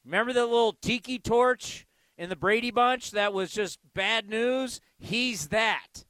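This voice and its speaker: A man's voice: extremely high pitch, sharp tone, clean tone, no echo. A man hosting sports call-in radio, joking in a playful, sarcastic way. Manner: playful, sarcastic, drawn-out delivery. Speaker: radio talk show host.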